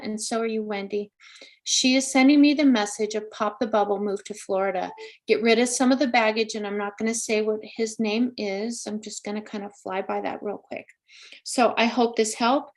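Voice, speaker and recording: A woman hosting a live stream as a psychic medium, giving casual readings in an effusive, exclaiming way and speaking straight to her viewers. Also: on the high side.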